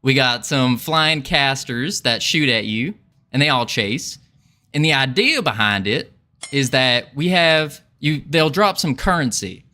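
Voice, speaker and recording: A man's voice: medium pitch, animated, a little slow, sharp tone. A man, an indie game developer, demoing his game on a casual livestream in a jokey put-on Southern drawl and laughing often.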